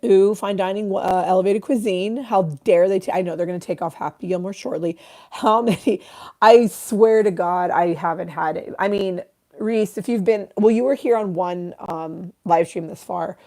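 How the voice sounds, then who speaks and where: Livestream host lady, 30s, mellow darkish voice, swears a lot, rambles through chat comments. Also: mid-range voice, normal speed.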